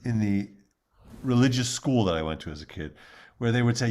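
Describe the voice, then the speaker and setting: Animated, joking male guest. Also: medium pitch, brisk, pauses often. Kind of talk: casual chat.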